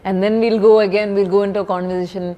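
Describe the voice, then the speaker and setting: Rapid-fire young woman. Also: medium pitch, highs cut off. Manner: animated storytelling, switching between English and Malayalam. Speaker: actress interviewed as guest. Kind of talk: casual chat.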